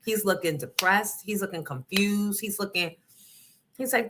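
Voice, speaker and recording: A middle-aged woman hosting a livestream, chatting casually and telling stories in an animated, profane way, acting out the other people in them. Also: medium pitch, a little slow. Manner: animated, profane, acts out voices in her story. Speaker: livestream host. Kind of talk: casual chat, storytelling.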